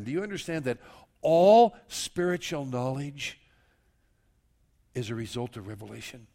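Preacher with a cold, animated and coughing. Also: male voice, medium pitch, measured pace, creaky, long pauses. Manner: animated, acts out quoted voices. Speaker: pastor. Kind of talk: sermon.

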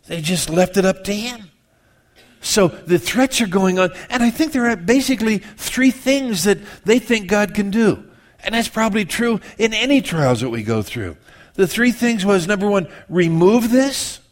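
A male pastor preaching a sermon in a conversational way, acting out people's prayers with humorous asides. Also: a little high.

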